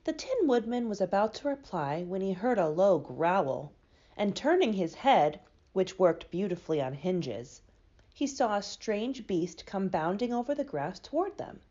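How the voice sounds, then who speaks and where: A woman reads a children's chapter book aloud, her voice rising and falling with animated expression. The recording is slightly dull and lo-fi. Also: mid-range voice, a little slow. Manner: expressive storybook reading. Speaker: library storyteller.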